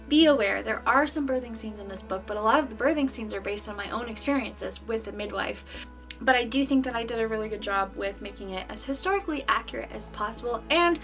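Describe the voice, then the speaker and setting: Bright, excited woman in her thirties. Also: a little high, recorded from a distance. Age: 30s. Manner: excited and gushing, quick bursts. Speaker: author and vlogger. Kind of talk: casual chat to camera.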